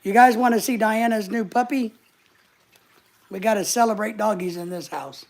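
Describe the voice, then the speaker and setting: A man hosts a casual livestream from his living room couch. He jokes around and reads out his viewers' comments. His voice has a gravelly, fry-edged texture. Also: sits high, normal speed. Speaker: livestream host. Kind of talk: casual live chat.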